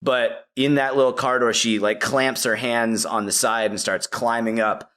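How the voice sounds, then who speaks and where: A man's voice: medium pitch, moderate pace. A man on a podcast, eagerly retelling a movie plot in a casual way, full of "like" and "you know.". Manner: animated storytelling with many "like" and "you know" fillers. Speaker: podcast guest.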